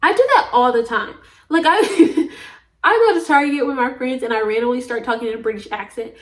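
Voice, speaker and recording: Young Southern woman, high voice, rambling casual vlog chat, laughs a lot. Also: a little fast, a bit bright. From Southern United States. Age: young adult. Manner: rambling, jumps from topic to topic, laughs often. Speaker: vlogger. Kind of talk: casual chatty monologue.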